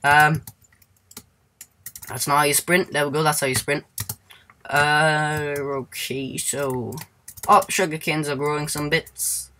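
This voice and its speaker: A man's voice: a little high, level tone, slow, pauses often, sharp tone. A man giving casual let's-play commentary in a goofy, rambling way, humming and singing to himself and squealing now and then.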